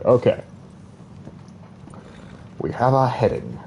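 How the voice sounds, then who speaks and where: A man's voice: on the low side, normal speed, mellow, slight background noise. Chatty man streaming a game. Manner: chatty and rambling, laughs often. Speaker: gaming streamer. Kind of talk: casual live-stream commentary.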